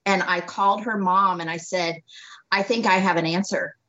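A woman who is a doctor, telling a story as a guest in a casual interview, animated, acting out dialogue and laughing often. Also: on the low side, moderate pace. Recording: dull lo-fi audio.

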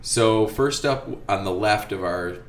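Man, very low voice, chatty podcast co-host, filler-heavy storytelling, echoey room with faint noise. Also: unhurried. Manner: animated storyteller, frequent "like". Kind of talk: casual chat.

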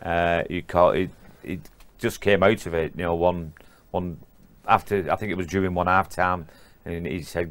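A man's voice: low voice, steady tone, brisk. An older man, a former rugby player recalling his career in an interview, often stumbling and repeating words as he starts. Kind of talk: interview recollection.

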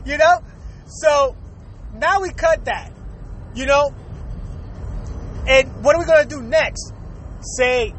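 A man from Puerto Rico in a casual, profane monologue, talking fast, swearing freely and laughing often. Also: very high-pitched, sing-song, fairly bright tone, slight background noise, rough recording.

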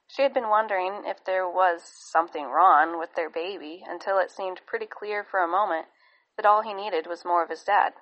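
A woman narrating an audiobook in a calm, even storytelling manner. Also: on the low side, rough recording.

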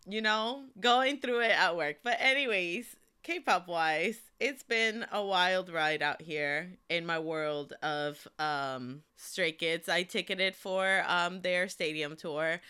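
A woman's voice: lowish voice, slow pace, few pauses, pushed and bright, smooth. A young woman hosting a podcast in casual, slangy, gossipy chat with frequent laughter. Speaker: podcast host.

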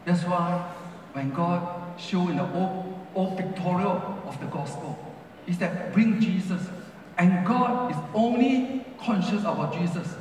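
A male pastor preaches in a high, ringing voice, leaning on repeated phrases that rise and fall. His English has non-native grammar. He is heard from a distance in a large, very echoey church hall. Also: unhurried, darkish tone, a little hiss or hum. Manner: rising and falling emphasis, repeats phrases. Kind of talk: sermon.

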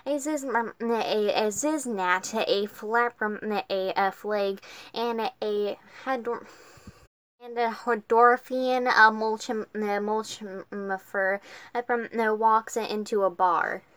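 A woman's voice: mid-range voice, fairly even intonation, fairly bright tone, clear, resonant tone, dry recording. Robotic alien girl comic, read by a woman. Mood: deadpan. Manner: halting, stumbling delivery.

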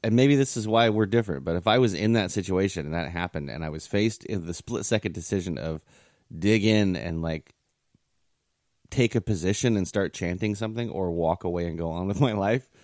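A man's voice: deep voice, fairly quick, darkish tone, no room sound, studio quality. A man co-hosting a podcast, talking bluntly and sarcastically in a casual, profane chat. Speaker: podcast co-host.

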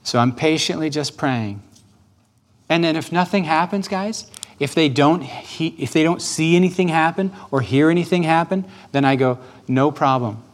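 A man preaching as a pastor, gently and patiently coaching listeners through a guided prayer and repeating his questions. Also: a little high, normal speed.

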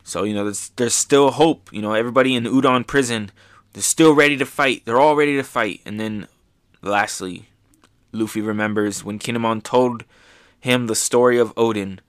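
A man hosting a show, casually recapping manga chapters with excitement, often dropping to a soft voice. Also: mid-range voice, normal speed, clear, resonant tone, no echo, clean studio sound. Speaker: podcast host.

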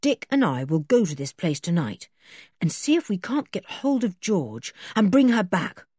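A woman's voice: fairly low pitch, sing-song, moderate pace, mellow, breathy edge, dry recording, studio quality. A woman voicing a firm, sensible teenage boy who leads the group, speaking decisively in a storybook reading. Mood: earnest.

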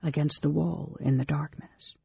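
Man reading a fantasy audiobook, gravelly husky voice, steady pace, dull dry lo-fi sound. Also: on the high side, normal speed, no room sound. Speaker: audiobook narrator. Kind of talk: scripted narration.

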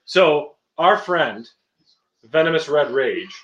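A man's voice: fairly high pitch, expressive, slow, fairly bright tone, reverberant, lo-fi sound. A man hosting a casual livestream, asking questions and venting animatedly with swearing.

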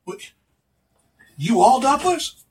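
A man's voice: very high voice, big pitch swings, slow, voice pushed up, full character voice. A man voicing a weary, deferential older male orc who talks in a folksy drawl, recorded on a distant mic. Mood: gruff. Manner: folksy drawl, stammering and polite.

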